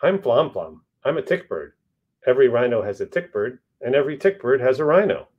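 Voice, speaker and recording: A man voicing a gentle, friendly, slightly shy male tick bird in a picture-book read-aloud. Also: medium pitch, big pitch swings, a little fast, breathy edge, muffled recording.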